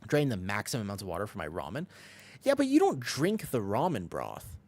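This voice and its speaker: A man's voice: on the low side, wildly swooping pitch, brisk, darkish tone. A young man streaming a game, chatting casually and rambling as he answers chat between callouts. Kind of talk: casual chat while gaming.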